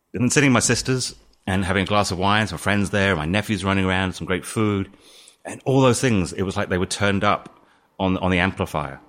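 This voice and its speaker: A British man speaking as an interview guest, telling his story in a calm, thoughtful way. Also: lowish voice. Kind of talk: reflective interview talk.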